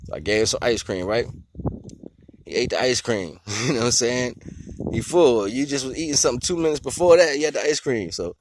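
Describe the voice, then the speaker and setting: A man's voice: medium pitch, lively intonation, a little fast, noisy background. A man in a casual, rambling monologue who chuckles often and explains his ideas with simple everyday comparisons. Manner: laid-back and rambling, with frequent chuckles and constant "you know what I'm saying". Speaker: vlogger sharing life philosophy.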